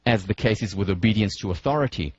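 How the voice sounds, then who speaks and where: A man lecturing in a deliberate, emphatic way, slowing down to stress key points and leading listeners through scenarios step by step. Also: on the low side, a little mellow, no room sound, lo-fi sound. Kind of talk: university lecture.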